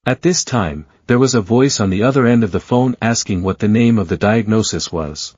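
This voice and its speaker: Man narrating a story recap, husky, lowish voice, dull lo-fi sound, dry close recording. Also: normal speed, hardly any pauses, a little mellow, dry recording.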